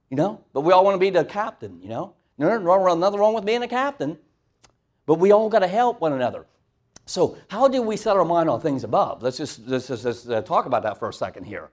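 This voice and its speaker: A preacher giving a conversational sermon, asking the congregation questions. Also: male voice, on the high side, lively intonation, brisk.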